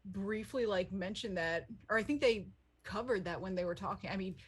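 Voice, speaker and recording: A woman chatting on a panel, animated and playful, laughing as she talks. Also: mid-range voice, moderate pace, slightly rough. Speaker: player on the show. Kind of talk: casual panel chat.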